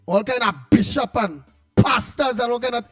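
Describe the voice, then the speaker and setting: Very high-voiced Trinidadian man hosting. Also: normal speed, soft background music. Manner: rambling, calling out listeners' names in greeting. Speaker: radio host. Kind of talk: casual morning radio chat.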